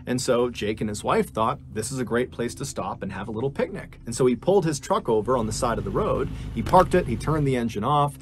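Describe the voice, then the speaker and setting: A man narrating a true missing-person story in a steady storytelling manner that builds suspense. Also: medium pitch, a little hiss or hum.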